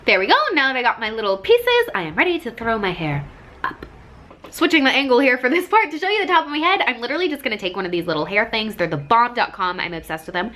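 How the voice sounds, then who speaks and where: A woman's voice: on the high side, very animated, fast talker, pushed and bright. A young adult woman chatting through a casual hair tutorial vlog, bubbly and full of side notes and self-mocking jokes, recorded by a camera on a tripod. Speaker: vlogger.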